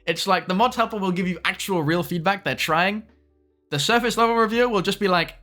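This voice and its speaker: A young man streams live and chats casually, tossing quick asides to his viewers. His voice sits a little high and sounds bright and forward. Faint music plays behind him. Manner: chatty, quick asides to chat.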